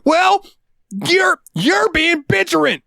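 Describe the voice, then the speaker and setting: A shrill, entitled old woman customer whines and scoffs in a high, swooping voice, as a man puts her on while telling a story. The sound is dry and close, with no room around it. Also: lively intonation, slow, vocal fry, sharp tone, no room sound, exaggerated voice. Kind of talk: comic impression in a story.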